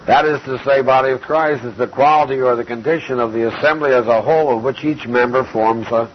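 A man giving a measured, methodical Bible teaching, going verse by verse and quoting scripture. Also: mid-range voice, fairly even intonation. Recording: dull lo-fi recording with faint hiss.

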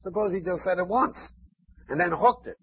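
A man's voice: sits high, normal speed, slightly rough. A man preaching a sermon, emphatic and chanting repeated phrases. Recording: dull lo-fi recording.

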